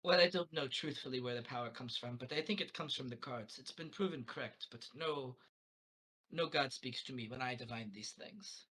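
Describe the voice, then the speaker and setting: A man's voice: medium pitch, moderate pace, bright, forceful tone, slightly rough, poor audio. A man playing in a tabletop game, hesitant and rambling as he speaks in character. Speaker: player. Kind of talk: tabletop role-play chat.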